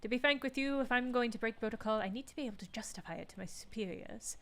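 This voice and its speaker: A woman's voice: on the high side, fast talker, a bit bright. A woman voicing a poised female corporate negotiator with a put-on British accent, polite and formal.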